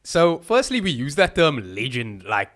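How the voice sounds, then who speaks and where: A man's voice: fairly high pitch, sing-song, measured pace, fairly bright tone. A man co-hosting a podcast, telling stories animatedly between laughs. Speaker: podcast co-host. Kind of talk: casual chat.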